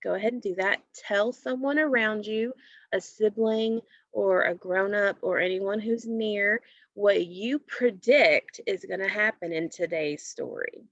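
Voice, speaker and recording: A woman teacher giving a recorded phonics lesson to children, explaining patiently and clearly. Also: medium pitch, a little slow, no room sound. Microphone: computer mic while screen sharing. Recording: dull lo-fi recording.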